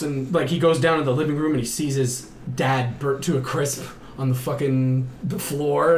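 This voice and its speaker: A man co-hosting a podcast, recapping a horror film in a casual, animated way, acting out the characters with gasps and shouts and swearing often. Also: on the high side, unhurried, echoey room, slight background noise. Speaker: podcast co-host.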